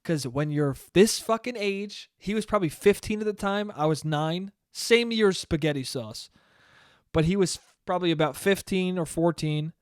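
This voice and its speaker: High, smooth-voiced rambling young man. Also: moderate pace, no room sound, clean studio sound. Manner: rambling, profane, jokey, with many restarts. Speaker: podcast host. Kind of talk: solo podcast monologue.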